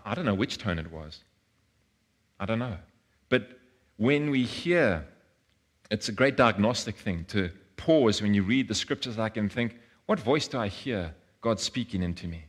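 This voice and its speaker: Earnest male preacher, low voice. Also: expressive, unhurried, slightly rough. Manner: earnest, repeats words, acts out quoted voices. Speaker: pastor. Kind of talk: sermon.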